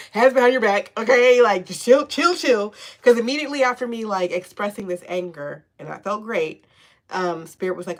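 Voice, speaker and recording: A woman's voice: medium pitch, moderate pace. Sassy, slangy woman giving a tarot reading. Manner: sassy, slangy and profane, with frequent "okay?" and laughs; encouraging and affirming. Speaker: tarot reader. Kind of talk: casual spiritual tarot reading.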